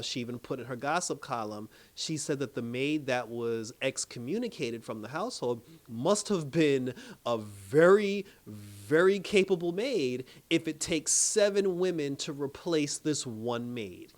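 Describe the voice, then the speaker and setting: Guy reviewing a tv episode, super animated, laughing and cussing while he retells scenes. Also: mid-range voice, a little slow. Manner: animated storytelling, acts out quotes, laughs often, swears. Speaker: TV review host. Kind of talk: casual episode recap.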